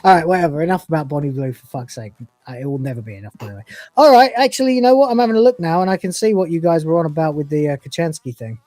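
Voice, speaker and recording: In a live, casual episode review, this forties-aged podcast co-host talks at a racing clip, animated and a little mellow at middling pitch. He's crude, cursing freely and laughing a lot between thoughts. The sound is dry and close with no echo, plus faint music in the background.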